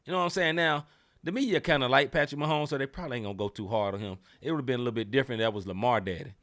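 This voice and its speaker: A man's voice: medium pitch, very fast. Emphatic slangy podcast co-host man. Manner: animated, emphatic, slangy, repeats phrases. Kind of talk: casual sports talk.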